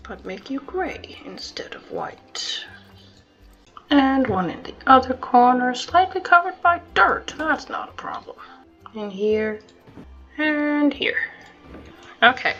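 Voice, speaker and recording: A woman's voice: fairly high pitch, expressive, takes it slowly, long pauses, a bit bright. A woman casually commenting as she plays a zoo-building game, wry and self-mocking, chatting to the animals on screen. The sound is dull and lo-fi. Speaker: gameplay video host. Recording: dull lo-fi sound with faint music.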